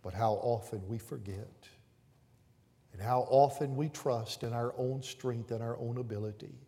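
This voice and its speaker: Male pastor, mid-range voice, unhurried sermon delivery from fervent to hushed, long church-hall reverb. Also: mid-range voice, steady tone. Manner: preaching with rising fervor and hushed appeals. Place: church sanctuary with pews.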